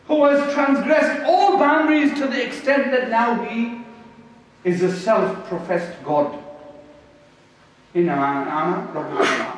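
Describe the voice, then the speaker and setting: A man giving a Friday sermon as preacher, impassioned, slowing words for emphasis and reciting verses quickly. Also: very high-pitched. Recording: echoey hall from far off.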